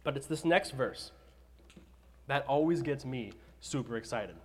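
A man preaching a sermon, retelling scripture with animated, dramatized storytelling. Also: medium pitch, a little slow, a little hiss or hum. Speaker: pastor.

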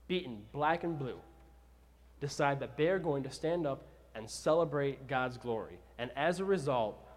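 A man preaching a sermon, retelling scripture with animated, dramatized storytelling. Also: medium pitch. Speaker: pastor.

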